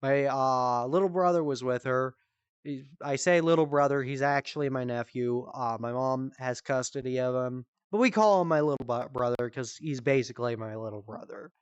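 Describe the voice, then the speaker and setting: A man's voice: medium pitch, moderate pace, smooth, dry recording, highs cut off. A young man streaming on a headset mic, rambling through profane comic stories and laughing at his own jokes. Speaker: streamer comedian. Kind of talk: casual comedic storytelling.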